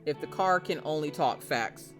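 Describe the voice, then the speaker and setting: A woman streamer in casual live chat with her viewers, a brash, profane, jokey storyteller who breaks into loud mock rants. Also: deep voice, expressive, moderate pace, faint music behind. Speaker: streamer chatting with viewers while painting.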